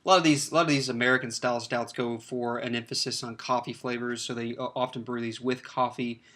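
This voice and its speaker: A man's voice: mid-range voice, steady tone, fast talker, pushed and bright. A man giving a casual, rambling beer review, full of fillers and restarts. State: slightly choked up, clears throat.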